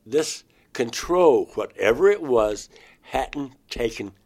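A man recounting a personal experience in an interview, in a halting, emotional way. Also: mid-range voice, animated, gravelly, darkish tone.

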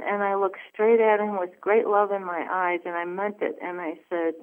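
A woman guest telling a personal story in an earnest, halting way, with many fillers. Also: medium pitch, level tone. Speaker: phone-in guest. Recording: tinny phone line.

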